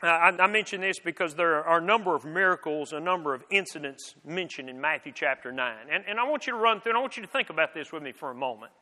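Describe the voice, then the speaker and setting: A man's voice: fairly high pitch, expressive, quick pace, few pauses, bright, forceful tone. A man preaching a sermon in an earnest, conversational way, with frequent restarts and rhetorical questions. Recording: long reverb of a large hall.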